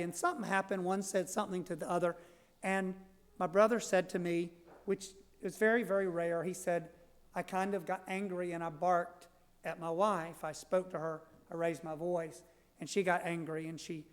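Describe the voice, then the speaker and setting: Priest at the pulpit, measured storytelling homily, long church reverb. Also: male voice, high-pitched. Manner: slow, measured delivery with frequent restarts and storytelling asides. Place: large church.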